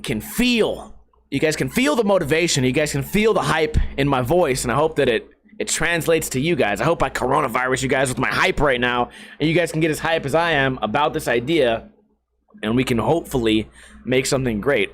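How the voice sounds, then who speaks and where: A man hosting a casual solo podcast, talking in a brash, profane and excitable way. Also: medium pitch, fairly quick. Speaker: podcast host.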